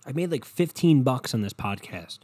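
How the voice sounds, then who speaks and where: A young man talks straight into his podcast mic from his bedroom, rambling, cursing and working himself up into passionate rants. His voice is dark and mellow, recorded close and dry with no room sound. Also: medium pitch, animated, normal speed, slightly rough, dry recording. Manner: rambling, profane, impassioned. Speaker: podcast host. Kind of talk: solo podcast monologue. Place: bedroom at home.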